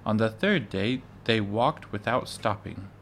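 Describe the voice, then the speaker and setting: A man reading a children's book aloud, measured and with occasional stumbles. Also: lowish voice, lively intonation, slight background noise. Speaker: reader.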